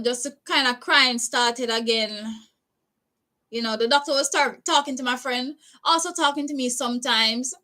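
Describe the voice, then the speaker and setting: A woman's voice: high-pitched, pushed and bright. A woman from Jamaica with a Jamaican accent, telling a personal story in a candid vlog and slipping into Patois phrases. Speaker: vlogger. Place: living in Japan.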